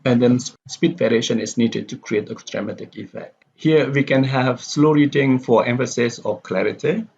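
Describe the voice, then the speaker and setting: Gravelly-voiced man lecturing on pronunciation. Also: medium pitch, darkish tone. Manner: methodical, repeats example sentences slowly with exaggerated stress. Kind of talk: recorded lecture. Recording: dull lo-fi recording with faint background hiss.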